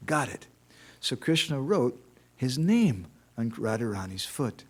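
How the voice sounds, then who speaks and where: A man's voice: mid-range voice, sing-song, unhurried, breathy edge. Man, temple lecturer; conversational devotional talk with stories and rhetorical questions. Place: temple hall.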